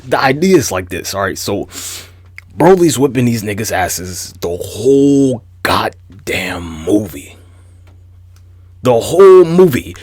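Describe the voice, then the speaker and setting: A young adult man hosting a casual, profane commentary rant, animated and incredulous. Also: mid-range voice, no room sound, studio quality. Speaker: host.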